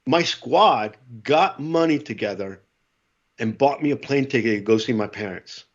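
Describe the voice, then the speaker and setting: A middle-aged man, a former Marine, telling stories in a casual interview, animated and acting out what others said. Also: medium pitch, measured pace, dull audio. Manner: animated storyteller, acts out quotes. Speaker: podcast guest, former Marine.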